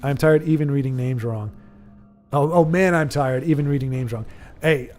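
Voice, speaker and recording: A man's voice: medium pitch, normal speed, a little mellow. A man hosting a live stream, joking, rambling, and reading chat aloud.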